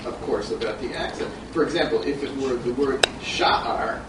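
A man's voice: mid-range voice, normal speed, background noise. A man in a class, chiming in with brief explanations during the lesson. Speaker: student. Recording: distant voice amid a crowd.

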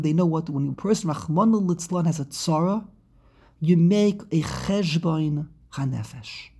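A woman giving an impassioned religious lecture, full of rhetorical questions and swings between hushed and loud. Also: fairly low pitch, breathy edge. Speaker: Torah teacher.

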